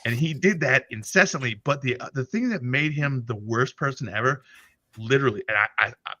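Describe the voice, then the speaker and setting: A man in his forties spins crude, laughing anecdotes in a loose livestream chat. His voice is bright and forward, picked up dry and close with no room sound at all. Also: medium pitch, fairly quick, dry recording, dull audio. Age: 40s. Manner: profane, laughing, vivid storyteller. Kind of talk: casual storytelling chat.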